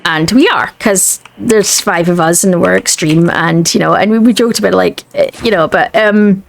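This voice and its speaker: A woman's voice: fairly low pitch, moderate pace, creaky, slight background noise. A woman with a Scottish accent, chatting casually while streaming a game, rambling and often restarting her sentences. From Scotland. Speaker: gaming streamer. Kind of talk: casual chat while gaming.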